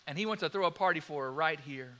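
A man acting out a big gruff diner owner in a spoken sermon story, blunt and loud, pitched up high and bright, jumping from calm to shouting. The voice bounces around a lot. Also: fast. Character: gruff burly middle-aged male diner owner.

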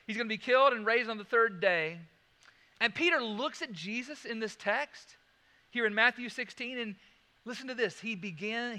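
A man preaching a sermon, swinging from loud emphasis to hushed, slow lines and repeating key phrases. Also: sits high, big-room sound. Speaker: pastor.

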